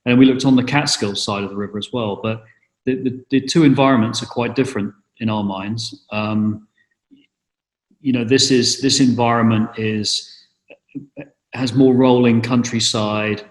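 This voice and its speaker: A middle-aged Englishman with a medium-pitched, steady voice talks at normal speed in a room with noticeable echo. He's giving a casual interview, speaking hesitantly with plenty of fillers and restarts.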